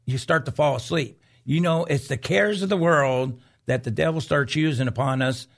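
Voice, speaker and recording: A man's voice: a little high, moderate pace, vocal fry. A man co-hosting a Christian talk show, chatting casually and preaching to viewers, with many restarts and "you know"s.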